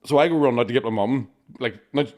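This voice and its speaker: A rowdy story comes from an Irish podcast co-host with a mid-range, darkish-toned voice and a quick pace. Chatting casually, he curses constantly, ends lines with "right?" and acts out others' voices.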